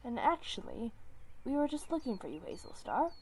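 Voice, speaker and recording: A woman voicing a guarded black tom cat in a fan-made story, who talks in a low mutter. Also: big pitch swings, normal speed, a little mellow, slight background noise. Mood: matter-of-fact. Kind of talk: storybook character voice.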